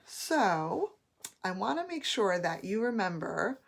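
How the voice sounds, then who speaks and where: A woman teaching a phonics lesson, sounding out words slowly and clearly, syllable by syllable. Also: medium pitch, very animated.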